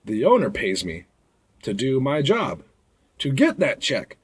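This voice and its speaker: A man's voice: medium pitch, wildly swooping pitch, measured pace, slightly rough. A young man who works as a bar bouncer, telling stories in a blunt, rambling way and acting out drunk patrons. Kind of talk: casual storytelling vlog.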